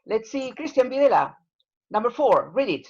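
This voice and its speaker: A woman's voice: fairly high pitch, sing-song, normal speed, darkish tone, dull audio. A woman teaching an English class over a video call, explaining patiently with plenty of fillers.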